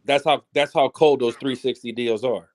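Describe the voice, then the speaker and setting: A man in a relaxed barbershop conversation, speaking at an everyday mid pitch. He lays out his points in a plain, matter-of-fact way. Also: normal speed. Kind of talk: casual barbershop chat.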